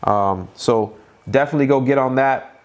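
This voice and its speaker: A man with a Boston accent hosting a live Q&A stream, talking up an upcoming event in a hyped, repetitive way with quick restarts. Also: medium pitch. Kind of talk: casual live-stream promotion.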